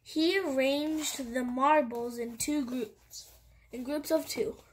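A woman reading a picture book aloud in a careful, halting way. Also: sits high, slight background noise. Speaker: storybook reader.

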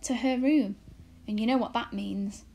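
A woman's voice: fairly high pitch, steady tone, moderate pace, creaky, dark tone, slightly rough. A woman reading aloud and voicing a fussy, anxious borrower mother who scolds and worries. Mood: brisk.

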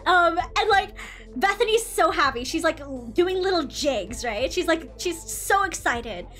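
A woman with a high voice tells a casual story in a rambling way. She swears freely and fills her talk with fillers and self-corrections. Faint music plays softly behind her. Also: expressive, unhurried. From Philippines. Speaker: VTuber streamer.

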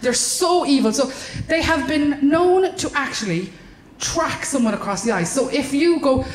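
Irish female stand-up, fairly high, sweary and animated, live in an echoey room. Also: moderate pace, a little hiss or hum. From Ireland. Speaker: stand-up comedian. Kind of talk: stand-up comedy. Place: comedy club stage. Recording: roomy live venue.

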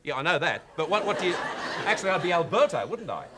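A man's voice: sits high, big pitch swings, fast, noisy background. Aussie guy co-hosting, teasing and reading out prizes, crowd in the studio. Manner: playful, teasing. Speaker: TV co-host. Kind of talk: game show prize announcing. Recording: TV studio with audience.

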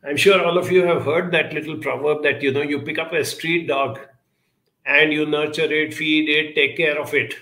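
A man's voice: on the high side, fairly even intonation, normal speed, bright, forceful tone, echoey room. A man giving a counselling talk, answering audience questions in an earnest, advisory way with frequent hesitations.

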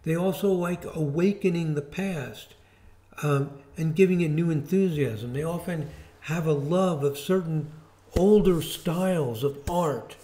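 A man giving an informal video lesson as an astrology teacher, explaining in a relaxed way with fillers and restarts. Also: fairly high pitch, a little slow.

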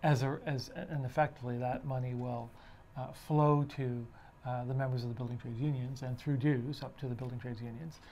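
Male podcast co-host, middle pitch, halting and full of restarts. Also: steady tone, darkish tone, a little hiss or hum. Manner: halting, many fillers and restarts while building a point. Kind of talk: casual discussion podcast.

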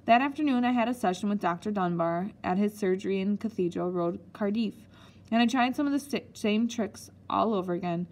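Woman audiobook reader, relaxed storybook narration. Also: medium pitch. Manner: unhurried reading with small slips.

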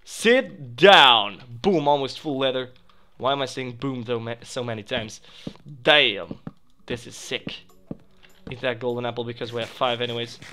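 A young man commentating a video game he is playing, chatting to viewers and yelping loudly whenever something goes wrong. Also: mid-range voice, normal speed, a little hiss or hum. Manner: excitable, yelps and shrieks when startled. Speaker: gaming channel host. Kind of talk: let's play commentary.

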